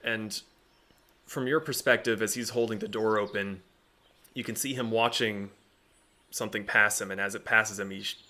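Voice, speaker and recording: A man running a tabletop game as its narrator, his voice low-pitched yet bright. He laughs often while describing scenes and characters. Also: steady tone, moderate pace, pauses often. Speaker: game master.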